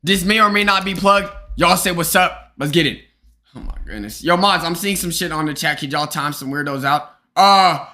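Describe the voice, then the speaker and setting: Bright-voiced young man streaming live. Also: a little high, moderate pace. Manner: animated, joking, talks straight to chat. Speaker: streamer host. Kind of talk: casual live-stream chat.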